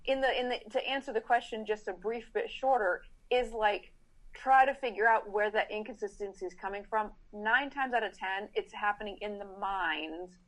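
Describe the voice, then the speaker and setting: On a podcast, a middle-aged woman who trains horses talks through her methods with casual animation, mimicking riders' thoughts in brief, quick asides. She has a mid-range voice.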